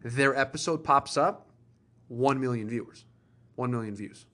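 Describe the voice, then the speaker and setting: A man's voice: mid-range voice, a little slow, fairly bright tone. A man hosting a casual chat show, rambling and circling back on his points. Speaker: podcast host.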